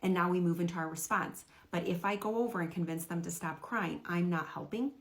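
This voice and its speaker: A woman's voice: fairly low pitch, brisk, gravelly. A woman who works as a parenting coach, giving direct, earnest advice to camera.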